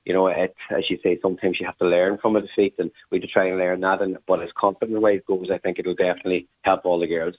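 Deep fast man on a phone line. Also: level tone, husky. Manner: rambling, many fillers. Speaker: team manager. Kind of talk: phone interview.

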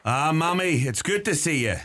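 An actor playing a polite son returning home. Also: male voice, fairly high pitch, expressive, normal speed, sharp tone. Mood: warm.

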